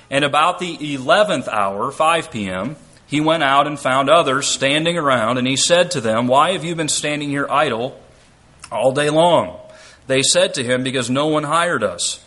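A man's voice: mid-range voice, sharp tone. A man preaching an expository sermon. He reads scripture aloud and explains it step by step, asking rhetorical questions. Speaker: preacher and Bible teacher.

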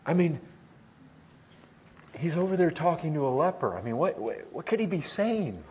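A middle-aged man preaching a sermon in an earnest way, his voice swelling loud and then dropping to a hush. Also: on the high side, very animated, moderate pace, pauses often, a little hiss or hum.

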